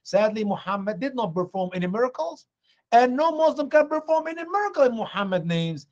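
A man's voice: brisk, dull audio. A man teaching from the Bible with great energy, acting out the people in the story in raised voices. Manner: excitable, acts out dialogue in high voices. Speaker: guest preacher. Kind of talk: animated evangelistic teaching.

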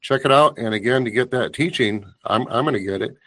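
A man's voice: mid-range voice, fairly quick, fairly bright tone. A man hosting a talk show, chatting with his guest in an easygoing, plain-spoken way.

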